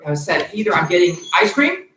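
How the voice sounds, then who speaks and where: A man's voice: sits high, big pitch swings, brisk, sharp tone, slight background noise. A man teaching children good manners as a martial arts instructor, upbeat and encouraging, leading call-and-response. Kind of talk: teaching a kids' manners class online. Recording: echoey hall, far from the mic.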